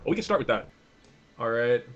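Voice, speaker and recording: A man's voice: medium pitch, animated, fairly quick, lo-fi sound. Offhand, profane young man thinking aloud. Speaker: vlogger. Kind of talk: casual commentary while browsing the web.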